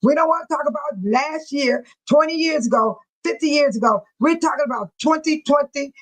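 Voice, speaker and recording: A woman's voice: high-pitched, brisk, poor audio. A woman hosting a casual livestream, emotional and preachy, reading viewer comments aloud. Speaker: livestream host.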